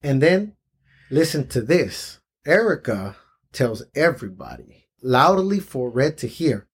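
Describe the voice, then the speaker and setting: Husky man chatting and reading comics aloud. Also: big pitch swings, unhurried. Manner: laughs often, acts out lines with shifts of pitch. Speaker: podcast co-host. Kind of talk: casual chat reading a manga aloud.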